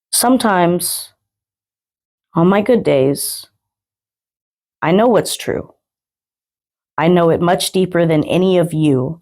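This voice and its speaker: A woman's voice: lowish voice, slow pace, long pauses, a little mellow. A young adult woman and guest poet, performing a spoken word piece with a rhythmic, rhyming delivery.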